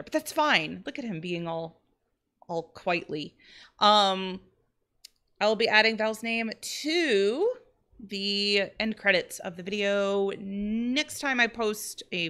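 A woman streaming a life-simulation game, chatting excitedly with her viewers as she plays. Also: mid-range voice. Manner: bubbly, excitable, chatty with chat. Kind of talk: live-streamed game commentary.

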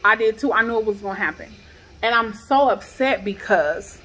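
A woman's voice: mid-range voice, normal speed, slightly rough. Upset woman in her thirties vlogging. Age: 30s. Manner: upset, animated storytelling, rising to near-shouting questions. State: shaken. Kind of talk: emotional personal vlog. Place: her home garage.

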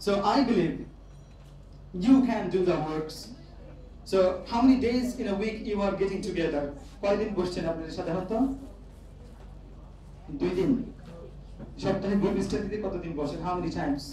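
A man's voice: high-pitched, rapid-fire, pauses often, warm tone. A man from Bangladesh with a Bangladeshi accent, giving a motivational speech to students and repeating his key phrases for emphasis. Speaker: guest speaker addressing students. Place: large echoey university hall. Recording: echoey hall, distant mic, faint background noise.

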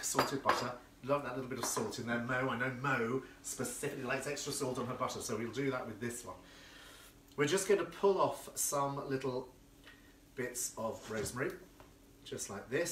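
A man's voice: mid-range voice, fairly bright tone, roomy sound, distant mic, slight background noise. A man hosting a live cooking stream from his home kitchen, chatty and effusive, reading out viewer comments as he works. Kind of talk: casual live cooking demo. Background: clinking cutlery and dishes.

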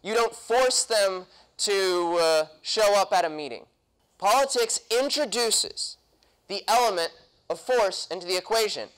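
A man's voice: high voice, a little slow, fairly bright tone, clear, resonant tone, rough recording. A young man speaking at a political convention, punchy and quizzing the audience with questions. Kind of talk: political talk to a live audience. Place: convention hall.

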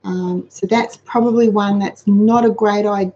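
A woman's voice: medium pitch, fairly even intonation, a little slow, warm tone, highs cut off. A middle-aged woman hosting a casual live chat, practical and talkative as she answers viewers. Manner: chatty, practical, reads out viewer comments. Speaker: host of a money-saving livestream.

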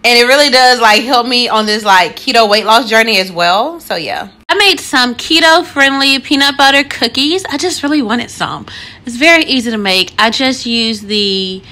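A young woman talking casually to her viewers in a vlog, chatty and quick to laugh, calling them y'all. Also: a little high, pushed and bright. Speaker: vlogger.

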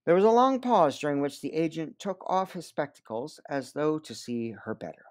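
A man's voice: fairly high pitch, normal speed. A man reading a novel aloud in storybook narration. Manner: expressive, varied delivery. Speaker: audiobook reader.

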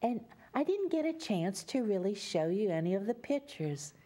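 A woman's voice: mid-range voice, sing-song, normal speed, warm tone. A woman from Louisiana with a Louisiana accent, reading a story aloud to young children in a sing-song, coaxing way.

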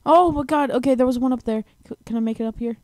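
A young woman hosting a gaming channel, giving excitable let's-play commentary with bursts of repeated words. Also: fairly high pitch, rapid-fire, no echo, clean studio sound.

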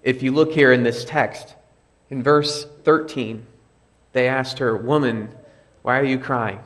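A man's voice: mid-range voice, steady tone, measured pace, fairly bright tone. Man preaching a conversational sermon. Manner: conversational preaching with repeated phrases. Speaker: pastor. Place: church sanctuary.

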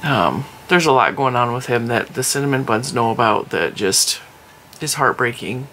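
A woman in her forties talks casually to the camera, telling a family story and laughing often. She sounds tired and keeps yawning, and her voice is bright and forward. A faint hum of background noise sits under the recording made at home. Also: very deep voice, animated, normal speed. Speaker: crochet vlogger.

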